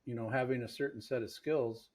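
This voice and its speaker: Man, podcast host, sales coach, emphatic, casual conversation, middle pitch. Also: fairly even intonation, brisk, a little mellow.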